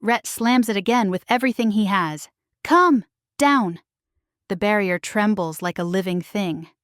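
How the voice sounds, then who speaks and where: A woman's voice: medium pitch, moderate pace, smooth, dry recording, clean studio sound. A woman narrating a first-person romance audiobook in a dramatic, intimate storytelling manner.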